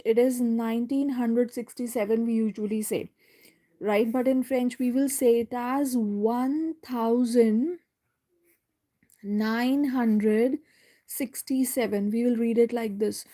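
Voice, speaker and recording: A woman teaching French in a live online lesson, going slowly step by step, repeating words and checking in with "right?". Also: fairly high pitch, steady tone, mellow.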